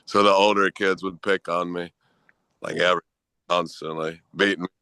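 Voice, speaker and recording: A man, a podcast guest, calmly recounting his past in casual chat. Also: sits low, normal speed, clear, resonant tone, no echo.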